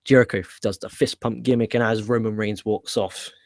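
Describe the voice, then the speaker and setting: A man giving a casual, opinionated recap of a wrestling show he is booking, blunt and quick to swear. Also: lowish voice, fairly even intonation, dry recording, studio quality.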